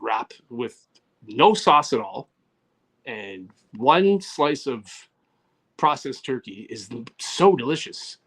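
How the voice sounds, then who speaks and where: Animated joking man. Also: mid-range voice, slow pace. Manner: rambling, joking, acts out dialogue. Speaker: comedy podcast co-host. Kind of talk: casual comedic storytelling.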